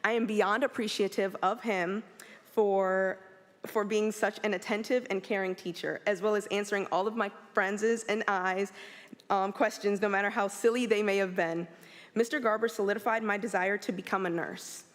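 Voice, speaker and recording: A woman's voice: medium pitch, steady tone, normal speed. A teenage girl gives a composed, grateful tribute to her teacher. Her voice is mid-range. A long hall reverb follows each phrase. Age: teens. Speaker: high school student honoring a teacher. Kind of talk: prepared speech at a ceremony.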